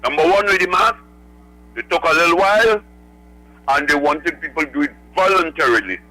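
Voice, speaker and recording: A man calls in to a radio show, working through his thoughts point by point. His voice is high and strikingly bright, with a cutting edge. He rambles as he goes. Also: animated, brisk, no echo, rough recording. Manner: rambling, lists numbered points. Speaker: caller. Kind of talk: phone-in call.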